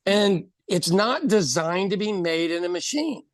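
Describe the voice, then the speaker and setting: A man's voice: high-pitched, animated, no room sound, studio quality. A middle-aged man co-hosting a podcast, telling profane comedic stories in casual chat. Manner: storytelling comedian, profane, quick asides. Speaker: podcast co-host.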